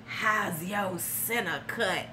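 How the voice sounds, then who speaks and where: Woman doing a creepy older man, hushed, slow, leering, low. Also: background noise.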